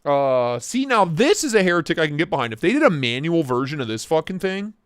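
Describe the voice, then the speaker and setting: Young male host, jokey and excitable, slightly high voice, dry home-office sound. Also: brisk, smooth, dry recording. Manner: excitable, joking, reacts to chat. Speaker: livestream host reviewing knives. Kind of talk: casual live-stream chat.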